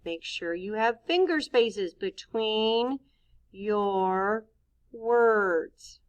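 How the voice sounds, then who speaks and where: A woman's voice: mid-range voice, drawn-out words. A woman teacher giving a recorded writing lesson for young children, patiently thinking aloud as she models each sentence. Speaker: elementary school teacher.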